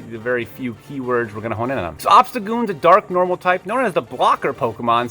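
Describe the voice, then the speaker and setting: A man's voice: fairly high pitch, pushed and bright. Rambling man, casual gaming commentary. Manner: rambling, goes off on tangents; swears casually, self-correcting. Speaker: video creator.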